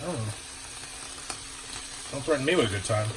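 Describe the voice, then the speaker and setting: A man's voice: medium pitch, lively intonation, normal speed, background noise. A man hosting a playful cooking vlog in his home kitchen, riffing hyped wisecracks while he cooks. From Brooklyn, New York. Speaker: cooking show host.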